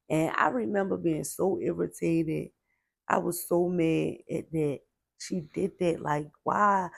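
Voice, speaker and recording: A woman's voice: fairly low pitch, gravelly, a little mellow, slightly rough, no room sound. A woman casually telling a personal story from her childhood in a chatty way, full of "like" and "baby", venting her frustration. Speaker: storyteller sharing a personal testimony.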